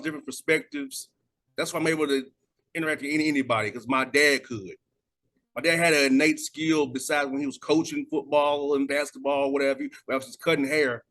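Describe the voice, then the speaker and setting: A man's voice: a little high, fairly bright tone. A man hosting a radio interview show, talking earnestly and reflectively in casual conversation.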